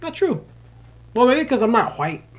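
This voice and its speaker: A man's voice: very high-pitched, sing-song, moderate pace. A young man co-hosting a podcast, joking and telling stories in casual chat, sometimes slipping into playful put-on voices. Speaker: podcast co-host.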